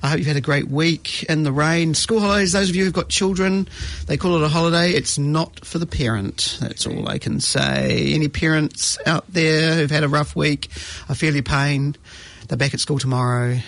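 Man, New Zealand accent, radio studio host, chatty, self-mocking, a bit high-pitched. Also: normal speed, creaky, hardly any pauses, a bit bright, no room sound. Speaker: radio arts show host. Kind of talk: casual radio chat.

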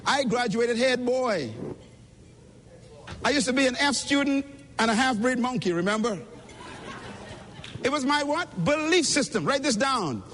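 A man's voice: very high voice, lively intonation, unhurried, pauses often, a bit bright, a little hiss or hum. A man giving an emphatic, preacher-like motivational speech at a conference, speaking directly to the audience, recorded in a reverberant hall.

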